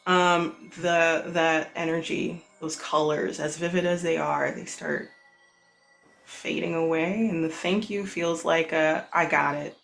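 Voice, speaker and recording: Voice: mid-range voice, fairly even intonation, takes it slowly, gravelly, fairly bright tone, soft background music. A game master narrating a tabletop game in a loose, rambling way with many fillers.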